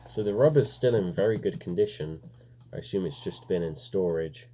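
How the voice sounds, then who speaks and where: A man with a low voice talks his way through an unboxing. His commentary is casual and rambling and full of little fillers. The tone is dark and mellow, with a faint hiss behind it. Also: moderate pace. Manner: relaxed, rambling, many fillers. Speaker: vlogger reviewing a gas mask.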